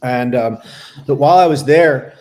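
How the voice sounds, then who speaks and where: A middle-aged man and former Navy SEAL, a podcast guest telling his life story in a candid, halting, reflective way. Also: mid-range voice, a little mellow. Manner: reflective, halting, with many restarts.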